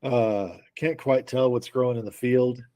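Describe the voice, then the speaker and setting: A man's voice: mid-range voice, steady tone, unhurried, mellow. An easygoing, joking man playing a character in a tabletop game. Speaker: player. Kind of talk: tabletop role-play chat.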